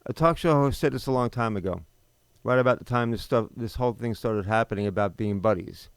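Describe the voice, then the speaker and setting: A man's voice: medium pitch, brisk, clear, resonant tone, no echo. A man in his fifties hosting a talk show, delivering an unscripted, indignant monologue full of rhetorical questions and restarts. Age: 50s. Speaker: podcast host.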